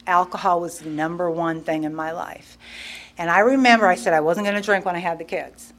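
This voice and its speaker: A woman's voice: on the low side, fairly even intonation, a little fast. Candid middle-aged woman telling her story. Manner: emotional, candid, acts out her past self. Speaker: guest speaker sharing recovery story. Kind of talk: personal storytelling at a recovery meeting.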